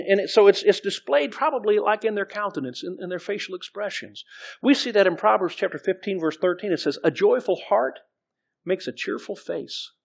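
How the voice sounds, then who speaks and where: A man's voice: high voice, gravelly, breathy edge. A middle-aged man preaching as pastor, conversational, with frequent restarts and scripture readings. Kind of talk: sermon.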